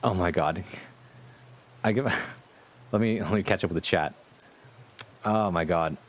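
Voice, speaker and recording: A man hosting a casual live stream as a VTuber, with a somewhat low voice. He talks to his viewers in an amused, rambling way and swears freely. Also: measured pace.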